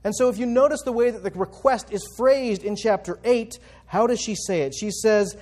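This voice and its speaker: Male Bible teacher, high voice, conversational, quick rhetorical questions. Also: darkish tone.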